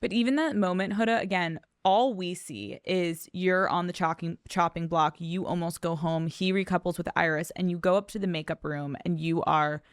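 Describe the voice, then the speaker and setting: A woman's voice: fairly low pitch, moderate pace, hardly any pauses, clean tone, no room sound, clean studio sound. A woman hosting a casual interview, asking frank, chatty questions. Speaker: podcast host.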